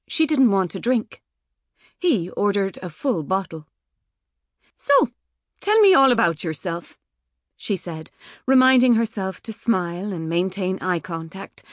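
Her voice is lowish and a little mellow as she narrates an audiobook from a script, measured and wry in tone. It's a dry, studio-quality recording made on a studio microphone.

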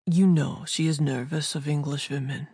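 A steady Amish farmer man with a slight German accent, firm and unwavering, every word measured and calm, as a woman narrator voices him. The reading sounds close and dry, with a low-set, even tone. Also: creaky, husky, no echo, full character voice.

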